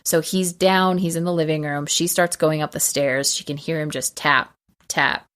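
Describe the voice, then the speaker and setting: Woman podcast host with a low voice, chatty film recap, acts out the lines. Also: normal speed, smooth. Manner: animated retelling, acting out quotes.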